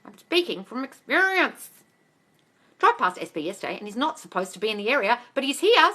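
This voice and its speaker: A woman's voice: on the high side, big pitch swings, brisk, pushed and bright. A woman hosting a live manifestation Q&A on her phone, reading comments aloud and answering bluntly and playfully, often swearing and calling people darling. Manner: blunt, profane, playful, calls everyone darling.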